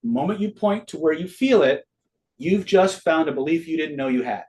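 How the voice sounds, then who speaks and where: A man's voice: on the high side, lively intonation, moderate pace, a little mellow. Casual swearing man teaching a class. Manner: casual, swears freely, quizzes the audience. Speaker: online seminar teacher. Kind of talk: live online master class.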